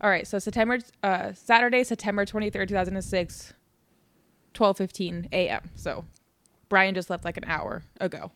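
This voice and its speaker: A woman's voice: mid-range voice, fairly even intonation, normal speed, a bit bright. A woman co-hosting a podcast, telling a true crime story in casual, chatty talk, laughing often and swearing. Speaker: podcast co-host.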